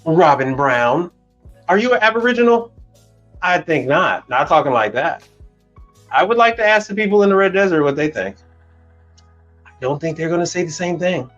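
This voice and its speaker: A Chicago man who works as a commercial kitchen equipment tech rants bluntly on a live stream, swearing plenty and arguing back at comments from his chat. His slightly high, bright voice is animated at a normal speed with long pauses. The recording is muffled, with faint music in the background.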